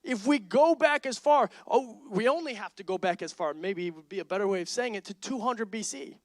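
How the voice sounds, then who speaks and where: High-voiced animated male pastor. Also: fairly quick, no room sound. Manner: animated storytelling, acts out dialogue. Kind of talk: sermon.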